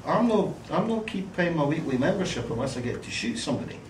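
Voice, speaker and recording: A Scottish man co-hosting a casual political chat, cracking deadpan dark jokes. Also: on the high side, fast talker. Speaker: podcast co-host. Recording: echoey room, distant mic, faint noise.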